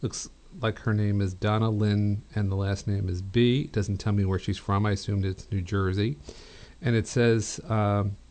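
Low, gravelly man giving design advice. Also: a little slow. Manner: relaxed, chatty, many fillers and restarts. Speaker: radio show host, interior designer. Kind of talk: call-in advice show.

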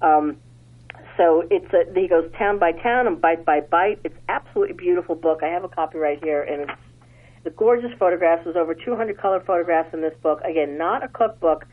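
A woman's voice: fairly low pitch, brisk. Woman praising books over a thin phone line. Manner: warm praise with frequent fillers and restarts. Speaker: publishing representative presenting books. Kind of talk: casual book talk. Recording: phone-like radio audio.

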